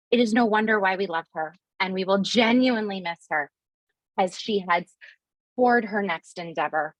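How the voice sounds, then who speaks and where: A woman hosting a webinar on a video call, giving a heartfelt farewell speech with halting fillers. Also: medium pitch, dry recording, lo-fi sound. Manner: warm and emotional, halting with fillers. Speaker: webinar host.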